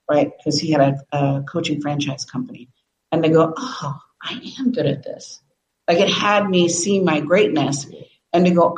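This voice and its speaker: Middle-aged woman, expressive storyteller, lower voice, roomy echo. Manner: animated, laughs often, acts out quotes. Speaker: guest, business coach. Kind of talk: emotional storytelling interview.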